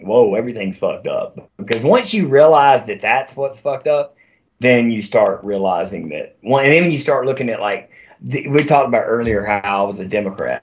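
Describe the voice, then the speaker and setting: On a dull, lo-fi recording, a man who served in the army tells stories as a guest in an easygoing conversation. He's lively and foul-mouthed, with a voice on the low side.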